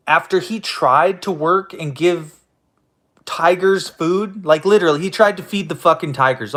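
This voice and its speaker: Angry, profane high-voiced male host. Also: a bit bright. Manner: profane, confrontational, stammering restarts. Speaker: host of an online audio room show. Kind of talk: angry ranting monologue.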